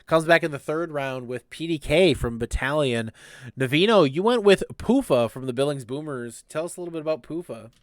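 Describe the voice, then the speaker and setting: A man hosting a casual esports podcast, briskly running through a list of draft picks and asking his co-hosts about them. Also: fairly high pitch, lively intonation, dry recording, clean studio sound. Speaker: podcast host.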